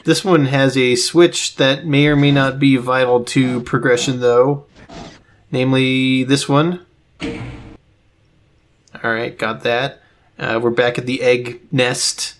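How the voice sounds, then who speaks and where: A man's voice: medium pitch, slow pace, pauses often, a little hiss or hum. A man hosting a let's play, casually explaining the game as he plays. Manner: relaxed, explains gameplay as he goes. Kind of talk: casual gaming commentary.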